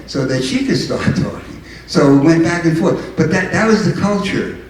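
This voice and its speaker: A man's voice: a little high, lively intonation, moderate pace, a little hiss or hum. An older man from New York City, a mayor giving an earnest, emphatic speech to a local meeting, often repeating and restarting his phrases. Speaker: town mayor. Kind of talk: public speech to a local group. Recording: echoey hall from far off.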